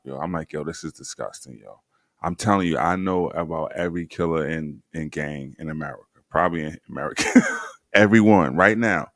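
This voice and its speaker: A man's voice: low voice, dry recording, clean studio sound. A man hosting a casual podcast chat, laid-back and slangy, joking as he talks. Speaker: podcast host. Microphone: remote stream mic.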